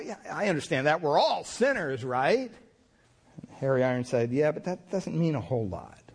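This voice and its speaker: A male pastor preaches with a slightly raised pitch, telling homey stories. His talk is loose and conversational, full of fillers and restarts. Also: darkish tone. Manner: folksy storyteller, many fillers and repeated words. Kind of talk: sermon.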